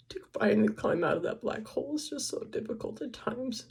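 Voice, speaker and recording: A woman's voice: a little high, lively intonation, a little fast, gravelly, few pauses, a little mellow, husky. An older woman vlogging, speaking in an emotional, tearful and confiding way as she cries. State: crying. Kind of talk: personal vlog.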